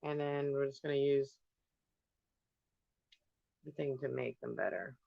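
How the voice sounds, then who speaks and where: A man's voice: mid-range voice, a little slow, vocal fry, dry recording, highs cut off. A man chatting casually on a home livestream while painting, thinking aloud and drifting from topic to topic. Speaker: livestream host painting on camera. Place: indoors at home.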